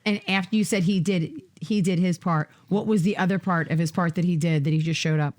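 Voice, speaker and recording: A woman's voice: fairly low pitch, fairly even intonation, fairly quick, darkish tone. A woman leading a casual group Bible study, asking questions and laughing often.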